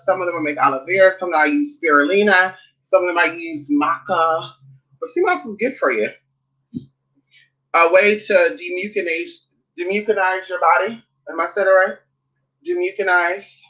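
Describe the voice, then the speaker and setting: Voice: medium pitch, sharp tone, poor audio. A vlogger talking in a sassy, blunt, casual way, swearing often and calling listeners honey and girl. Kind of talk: casual chat vlog.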